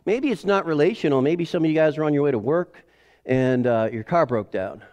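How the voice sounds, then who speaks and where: A man in his forties preaches a sermon in a relaxed, chatty way. His voice sits a little high. He acts out family scenes with lively animation. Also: a little fast. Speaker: pastor. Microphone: headset or lapel mic.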